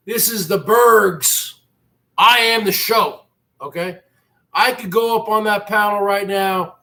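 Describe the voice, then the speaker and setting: A man's voice: high voice, bright, forceful tone. A man hosting a livestream, ranting in an indignant, repetitive and emphatic way. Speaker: livestream host.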